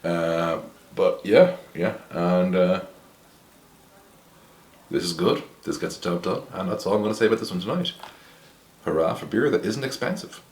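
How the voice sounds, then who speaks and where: A man's voice: low voice, moderate pace, pauses often, a little mellow, echoey room. An Irish man hosting a casual beer review to camera, rambling and wry, with blunt opinions and plenty of fillers. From Ireland.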